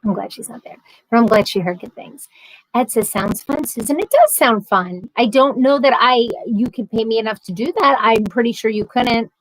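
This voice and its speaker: A woman's voice: a little high, moderate pace, slight background noise, rough recording. A woman hosting a casual livestream, chatting and reading viewer comments aloud with a sarcastic, chatty manner. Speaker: livestream host.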